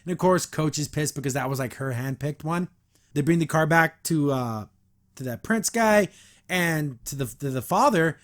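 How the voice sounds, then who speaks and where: A man's voice: on the high side, lively intonation, moderate pace. A young man hosting a podcast, recapping and reacting to a cartoon episode in a casual, enthusiastic, rambling way. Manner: enthusiastic, rambling, frequent restarts and laughs.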